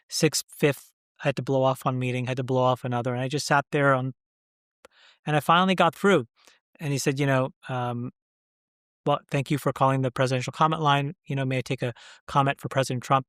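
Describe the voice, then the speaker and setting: A middle-aged man as an interview guest, talking candidly and emphatically, pressing his point with rhetorical questions and halting when he gets emotional. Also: medium pitch, fairly bright tone, clean tone, no room sound, clean studio sound.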